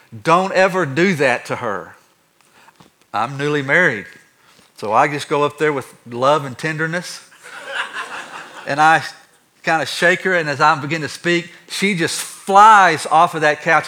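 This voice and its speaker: A male pastor delivers a sermon full of personal stories, acting out scenes and swinging from soft to loud. His voice sits a bit high and sounds bright and forward. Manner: animated, acts out stories with shifting loudness.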